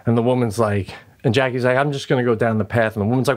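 Talking fast with hardly any pauses, a middle-aged podcast co-host relates a story in a mid-range voice. In this casual chat he's lively and gives voice to the people he quotes.

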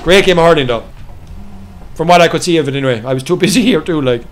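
Irish lad hosting a farming game stream, higher voice, reads chat out loud, slags the lads. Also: male voice, fast. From Ireland. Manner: banter and slagging, reading out chat, frequent laughs. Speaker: livestream host.

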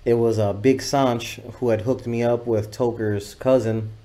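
A man's voice: mid-range voice, steady tone, measured pace, mellow. Profane, rambling male storyteller. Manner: loose and profane, acting out other voices in quotes. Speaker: guest videographer. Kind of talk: casual storytelling interview.

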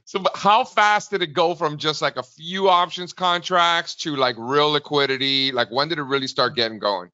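Bright-voiced man hosting an interview. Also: on the high side, moderate pace, few pauses, dull audio. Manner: curious, laughs along with the guest. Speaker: podcast host. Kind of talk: interview questions.

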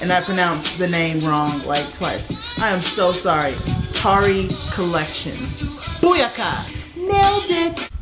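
A woman's voice: on the low side, fairly even intonation, measured pace, over music. A young woman in her studio apartment unboxing packages in a casual vlog, playful and slangy, sometimes breaking into song. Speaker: vlogger.

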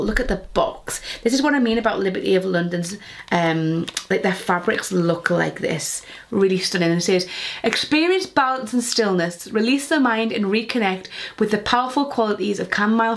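A woman's voice: mid-range voice, vocal fry, slight background noise. A young woman chatting casually while unboxing beauty products, rambling with lots of fillers. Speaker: beauty vlogger.

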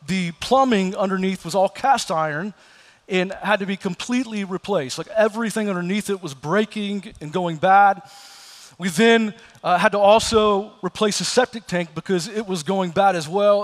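A male pastor preaches in a church sanctuary, weaving stories and acting out the voices of their characters. His voice sits high and a bit bright, echoing as if in a large hall.

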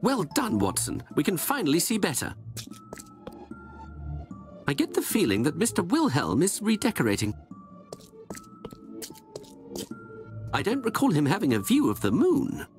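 A man's voice: fairly high pitch, wildly swooping pitch, normal speed, soft background music. A man playing a confident, theatrical detective who talks in a grand, lofty, mock-grave way. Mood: wry. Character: confident, theatrical male detective, older gentleman. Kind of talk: video game voice acting.

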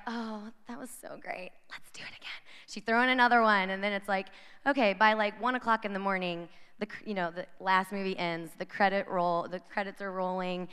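A woman in her thirties gives a talk at a youth conference. She is chatty and playful and slips into girls' voices as she goes. Her voice is bright and very clear, with long reverb from the hall. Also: mid-range voice. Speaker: conference speaker. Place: large hall with audience.

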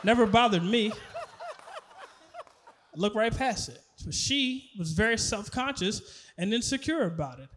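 A man's voice: high voice, huge pitch swings, unhurried, long pauses, a bit bright, slight background noise. A man performing a stand-up comedy set, telling stories and acting out both sides of conversations, often laughing at his own jokes.

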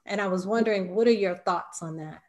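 A woman hosts a conversational interview with a mid-pitched voice. She asks questions attentively and shares her own experience along the way. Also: a little fast, a little mellow. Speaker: interview host.

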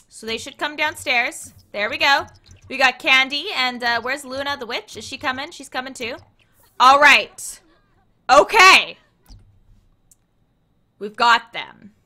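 High-pitched, bright, and forceful, a young woman's voice fills her let's play as she banters playfully about the game and addresses its characters.

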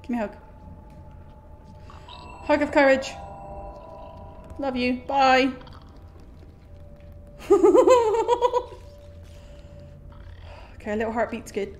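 Jumpy high-voiced woman gamer. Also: a little slow, long pauses, slight background noise. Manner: jumpy, exclamatory, talks to the game. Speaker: gaming streamer. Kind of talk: let's play commentary.

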